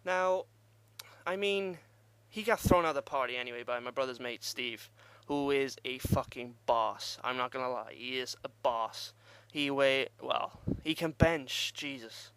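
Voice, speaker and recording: A man's voice: mid-range voice, a little slow, a bit bright, clean tone, no room sound. A young man telling a rambling, profane party story in casual vlog style and laughing at himself. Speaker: vlogger.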